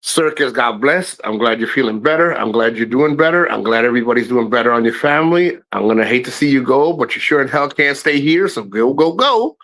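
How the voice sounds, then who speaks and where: A middle-aged man hosting a live stream, telling profane family stories to his chat in a casual, animated way, his voice jumping high when he quotes people. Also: brisk, hardly any pauses, poor audio. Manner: animated, swearing, voice jumps high for quoted lines.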